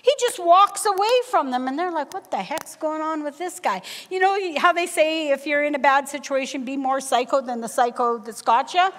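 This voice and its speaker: A middle-aged woman preaching a sermon, telling a personal story with lively acted-out dialogue. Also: high-pitched, normal speed, few pauses, a little hiss or hum. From Canada. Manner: animated storyteller, acts out dialogue. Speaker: guest preacher. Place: church sanctuary. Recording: long church reverb.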